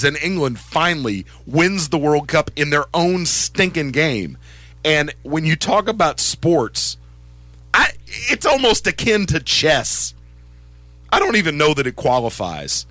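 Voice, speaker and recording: Animated, chatty man on sports radio. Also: on the high side, measured pace, no room sound. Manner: animated, self-deprecating, chatty. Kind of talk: casual sports radio banter.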